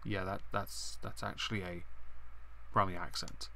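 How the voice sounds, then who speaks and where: A man's voice: on the low side, a little slow, vocal fry, pushed and bright. A man, congested and breathing heavily, giving opinionated, rambling live-stream commentary and swearing now and then.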